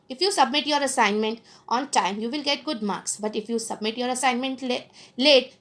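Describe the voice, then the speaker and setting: A woman, a teacher giving a recorded lecture, explaining points slowly and repeating them with fillers. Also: a little high, fairly bright tone.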